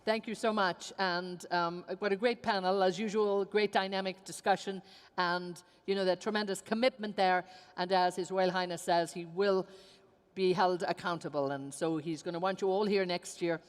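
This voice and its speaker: A woman's voice: fairly low pitch, steady tone, moderate pace. A woman hosting a forum, upbeat and enthusiastic as she picks up after a panel. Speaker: event host. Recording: hall reverb, distant.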